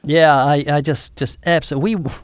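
A middle-aged man tells stories as a guest, joking at his own expense and laughing often. His voice sits a little high, and the recording is dry and close. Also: steady tone, a little fast, smooth, no echo. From Southern Hemisphere. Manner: jokey, self-deprecating storyteller, laughs often. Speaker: guest evangelist and author. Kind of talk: casual interview chat.

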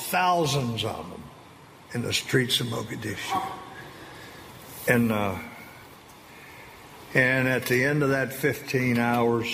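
A man giving an emotional personal testimony to an audience, earnest and halting, with slow emphatic phrases. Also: mid-range voice, animated, gravelly, fairly bright tone. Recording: long reverb of a large hall with faint ambient noise.

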